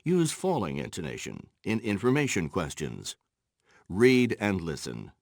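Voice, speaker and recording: Male textbook narrator, lowish gravelly voice, slow and measured, very lively intonation, dry studio sound. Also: no room sound. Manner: measured, announcing page and exercise numbers. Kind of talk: scripted instructional narration.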